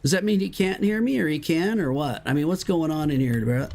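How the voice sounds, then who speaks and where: A streamer chatting live over gameplay in slangy, excitable talk that breaks into high shouts and exclamations. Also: a little fast, vocal fry. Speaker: Minecraft streamer.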